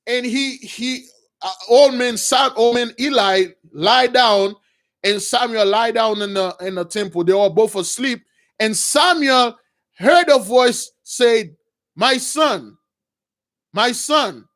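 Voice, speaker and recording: Man with a high voice, informal religious storyteller, slangy, animated. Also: slow. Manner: animated, slangy, bursts of shouting. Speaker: preacher.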